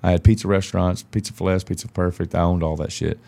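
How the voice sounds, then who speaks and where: A man with a very low, gravelly voice telling stories as a podcast guest. His tone is dark and heavy, and he swears freely and bluntly. He slips into the voices of the people in his stories. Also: steady tone, fast. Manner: profane, blunt, acts out quoted dialogue. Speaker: podcast guest, country singer. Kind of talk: casual storytelling chat.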